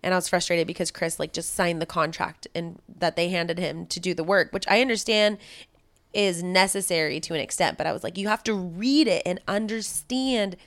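A woman co-hosting a casual podcast, playfully defiant and quick to laugh, swearing freely between stories. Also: lowish voice, fairly even intonation, a bit bright, dry recording. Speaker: podcast co-host.

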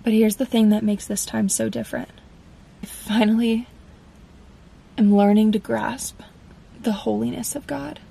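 A woman's voice: a little high, fairly even intonation, measured pace, vocal fry, pauses often, warm tone, breathy edge, low-quality recording. A woman in her twenties, host of a faith podcast, telling her personal testimony in an earnest, confessional way and acting out her past conversations.

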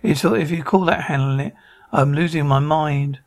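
An actor playing a haunted, sarcastic police detective in a TV drama, with a dry manner. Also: male voice, on the high side, normal speed, lightly acted. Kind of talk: TV drama acting.

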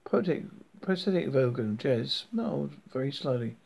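A man reading a novel aloud in a halting, self-correcting way. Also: mid-range voice, animated, creaky, darkish tone, low-quality recording. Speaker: reader.

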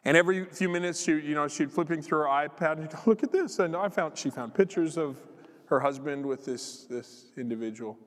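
A man, a guest pastor preaching a lively sermon story and acting out the lines of the people in it. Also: on the high side, a little fast, long reverb tail. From Canada. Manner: lively, animated storytelling with acted-out quotes and laughter.

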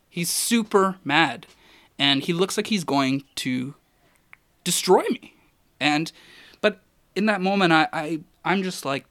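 A photographer telling a long story in a casual, rambling way, with many restarts and fillers. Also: male voice, a little high, slow pace, long pauses, a bit bright, no echo.

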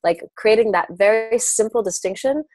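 A woman in her thirties, a podcast guest talking casually about spiritual growth, animated and full of "like" as she acts out inner voices. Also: on the high side, normal speed, no echo.

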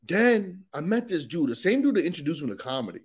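A man's voice: fairly high pitch, sing-song, fast, husky. A man, a comedian guest on a podcast, in casual chat, slangy and saying "bro" a lot.

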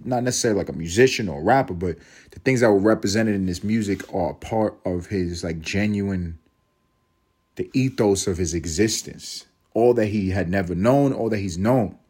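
A man's voice: fairly low pitch, a little mellow, slightly rough. A man in his thirties from East Harlem with a New York accent, hosting a solo podcast in a profane, rambling way and laughing at his own jokes. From East Harlem, New York City. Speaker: podcast host.

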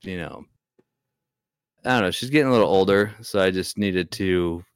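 Deep-voiced young man telling a ghost story. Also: normal speed, smooth, no room sound, studio quality. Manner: rambling, hesitant, many restarts. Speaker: podcast guest. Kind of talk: casual storytelling.

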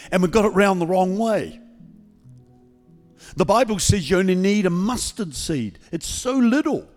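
Calm male pastor in a reverberant church. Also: fairly high pitch. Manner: calm, conversational, not yelling. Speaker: guest pastor. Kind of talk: sermon with healing prayer. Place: church service.

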